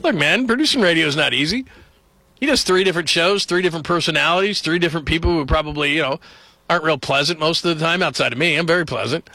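A man's voice: fairly high pitch, fast, sharp tone, no echo. A man hosting a late-night sports talk radio show, chatting and joking in a loose, rambling way from the studio.

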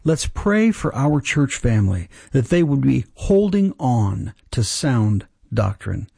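A man hosting a short radio prayer program, leading listeners in an earnest, measured spoken prayer. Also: mid-range voice, very animated, gravelly, warm tone, breathy edge, no echo, studio quality. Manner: earnest, measured praying cadence.

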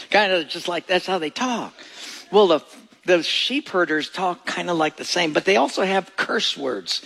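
A man's voice: high-pitched, animated, moderate pace, vocal fry, fairly bright tone. A male pastor preaching a sermon in a folksy, joking storytelling manner. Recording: echoey church hall.

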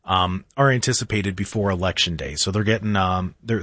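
A man's voice: lowish voice, moderate pace, fairly bright tone, no room sound, studio quality. A man in his thirties hosting a talk radio show, rambling through an opinionated monologue with sarcastic, mock-earnest asides. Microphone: studio microphone.

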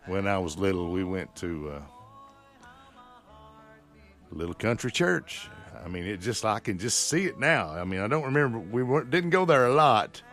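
A man's voice: fairly low pitch, expressive, brisk, hardly any pauses, fairly bright tone, soft background music. Folksy, rambling male radio host. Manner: folksy, rambling, with many fillers and restarts. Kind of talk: casual local radio chat. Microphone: studio microphone.

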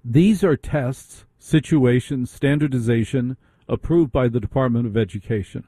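A man's voice: mid-range voice, normal speed, warm tone, breathy edge, dry recording. A man hosting a radio talk show, ranting through a monologue full of rhetorical questions.

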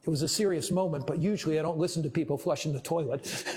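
A male pastor preaching with deliberate, emphatic storytelling. His voice sits fairly high for a man, and he slows down on key phrases to drive them home. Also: darkish tone. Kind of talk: sermon.

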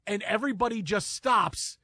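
High-voiced sports radio host. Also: male voice, normal speed, dry recording, clean studio sound. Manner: animated, laughing anecdote teller. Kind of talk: casual storytelling chat. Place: radio studio. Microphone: studio microphone.

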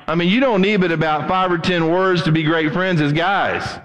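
A middle-aged man preaching a sermon as pastor, animated and acting out the voices he quotes. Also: sits high, moderate pace, few pauses, in a large hall, highs cut off.

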